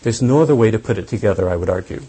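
A man giving a lecture on scripture, thinking aloud deliberately and stressing key points. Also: on the low side, expressive, warm tone, breathy edge, poor audio. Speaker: Bible teacher.

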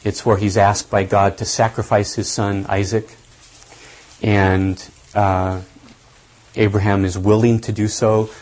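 A man giving a lecture on scripture, thinking aloud deliberately and stressing key points. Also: fairly low pitch, a little mellow, husky, poor audio. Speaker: Bible teacher.

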